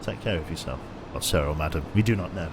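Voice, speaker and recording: A man's voice: a bass voice, expressive, fast talker, noisy background. An English man streaming a train simulator game, joking dryly and reading viewer chat aloud. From England. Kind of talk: casual live-stream chat.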